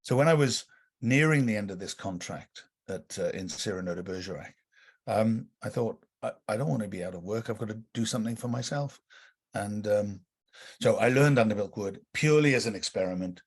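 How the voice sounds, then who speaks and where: Husky, low-voiced man chatting as a guest. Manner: rambling, with frequent restarts and "you know". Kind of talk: casual interview chat.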